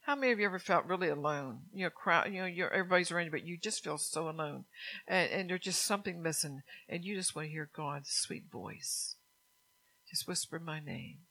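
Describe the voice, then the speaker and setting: A woman's voice: lowish voice, fast, sharp tone, poor audio. A woman preaching a sermon to her congregation, earnest and repetitive, with frequent laughs.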